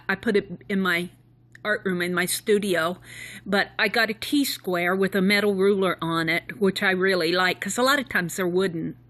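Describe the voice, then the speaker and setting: A woman's voice: medium pitch, pushed and bright. A woman chatting casually into a hand-held phone, rambling along with little laughs. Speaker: vlogger.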